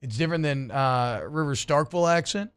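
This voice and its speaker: A man's voice: on the high side, a little fast, clean tone. A man from suburban Georgia co-hosting a sports radio show, talking in a chatty, rambling, joking way. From suburbs north of Atlanta, US. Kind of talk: casual sports talk banter.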